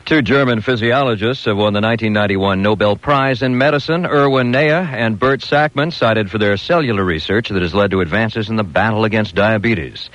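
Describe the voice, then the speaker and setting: A man reading the radio news, brisk and crisp, with a light play on words. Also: fairly low pitch, a bit bright. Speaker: radio newsreader. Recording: dull lo-fi radio broadcast.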